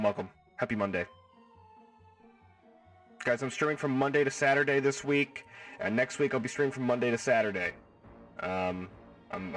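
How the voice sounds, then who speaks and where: A man's voice: on the low side, fairly bright tone, distant mic. A man hosting a casual live stream from home, reading chat in a playful, jokey way and swearing freely.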